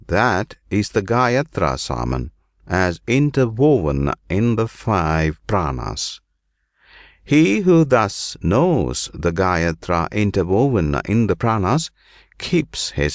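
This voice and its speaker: A man reading an ancient scripture aloud in slow, measured, deliberate phrases. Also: deep voice, no room sound, studio quality. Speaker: reader.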